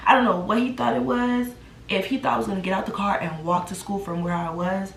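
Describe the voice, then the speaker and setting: A woman in her twenties telling a casual storytime, animated and acting out what people said. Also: mid-range voice, a little fast, vocal fry, slight background noise. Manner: animated, acts out the quotes. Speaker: vlogger. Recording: roomy echo.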